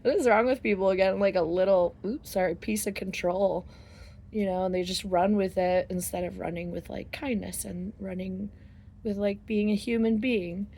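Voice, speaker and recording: A woman's voice: medium pitch, fairly even intonation, normal speed, mellow. A middle-aged woman telling a rambling, casual story to her viewers, laughing often and swearing freely. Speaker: vlogger.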